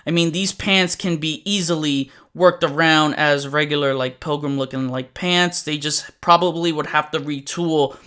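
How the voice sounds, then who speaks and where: A man's voice: fairly high pitch, steady tone, normal speed, few pauses, sharp tone, clear, resonant tone. A man reviewing action figures in a chatty, enthusiastic way. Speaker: toy reviewer. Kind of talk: casual toy review.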